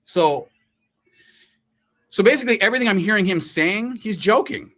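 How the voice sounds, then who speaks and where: A man's voice: high voice, animated, moderate pace, bright, forceful tone. A middle-aged man co-hosting a casual live stream, talking in a rambling way with many restarts and acted-out quotes. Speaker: co-host.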